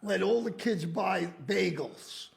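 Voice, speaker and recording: A man, a former school principal, telling school stories in casual chat, getting loud and indignant. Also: high-pitched, slow, creaky.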